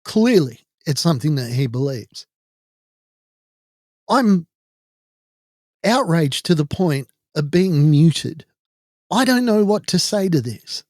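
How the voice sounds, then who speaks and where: Irish male podcast host, somewhat high voice, dry close sound, indignant storyteller. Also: very animated, takes it slowly, long pauses, darkish tone, no echo. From Ireland. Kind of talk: personal monologue.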